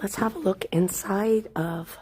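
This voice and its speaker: Slow-talking woman hosting a live walk. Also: mid-range voice, fairly even intonation, darkish tone, slight background noise. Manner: chatty, greets viewers by name. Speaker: live-stream walking tour host. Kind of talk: live-stream walking commentary. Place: outdoors on a snowy city walk. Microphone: handheld phone.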